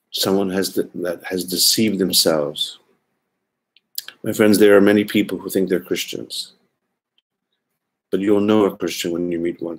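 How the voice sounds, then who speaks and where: A man preaching a sermon lecture, earnest and pleading, often repeating words for emphasis. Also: deep voice.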